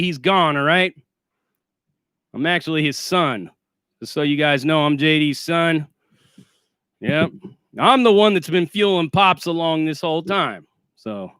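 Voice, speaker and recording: A man's voice: fairly high pitch, expressive, a little slow, pauses often, sharp tone, clear, resonant tone, no echo, studio quality. A man hosting a casual livestream, profane, sarcastic and boastful, still winded after a workout. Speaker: livestream host.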